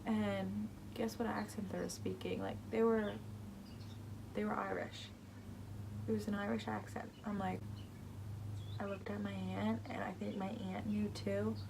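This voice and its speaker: A woman's voice: medium pitch, little pitch movement, measured pace, vocal fry, long pauses, background noise. A teenage girl vlogging, chatting casually about her embarrassing moments with lots of "like" and rambling asides. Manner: chatty, rambling, heavy use of "like". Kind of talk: casual storytelling to camera.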